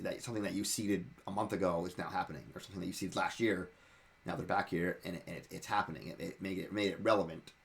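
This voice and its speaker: A man in casual talk sharing advice as a dungeon master, rambling and often repeating and restarting his words. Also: sits low.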